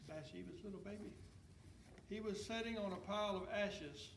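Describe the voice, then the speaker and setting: A man teaches a Sunday school lesson in a folksy, emphatic preaching style. His voice is high-pitched and gravelly. He is heard from a distance in an echoey room with faint background noise. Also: moderate pace. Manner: folksy, emphatic, voice rising when stirred. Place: church classroom.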